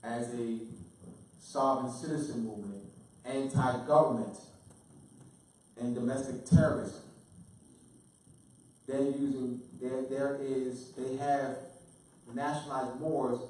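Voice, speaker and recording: A man's voice: medium pitch, fairly even intonation, distant mic. Emphatic man lecturing in an echoey room. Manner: halting, repeats himself, grows forceful and emphatic. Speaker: lecturer answering audience questions. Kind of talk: lecture with audience Q&A.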